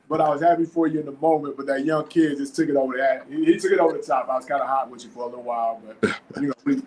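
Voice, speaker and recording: Male podcast host from Florida, relaxed conversational delivery, mid-pitched voice, faint background hiss. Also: very fast, poor audio. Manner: laid-back, frequent fillers like "man" and "you know". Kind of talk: casual podcast interview.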